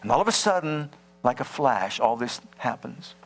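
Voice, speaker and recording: A man preaching a sermon, animated, acting out little scenes and firing rhetorical questions at the congregation. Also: medium pitch, normal speed, faint music behind. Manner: dramatizes scenes and acts out voices. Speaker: pastor.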